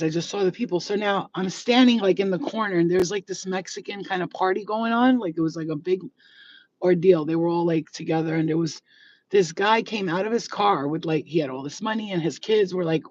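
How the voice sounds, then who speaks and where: A woman with a fairly low, slightly mellow voice talks briskly from inside a car, caught on distant, dull lo-fi phone audio. A spiritual vlogger on a casual live stream, she tells a story in a chatty way, full of fillers and swearing.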